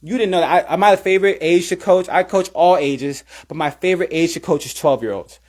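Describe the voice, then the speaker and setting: A man in his thirties, a cheer coach, telling an energetic story and acting out his own thoughts in high voices. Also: brisk. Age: 30s. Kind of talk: animated storytelling.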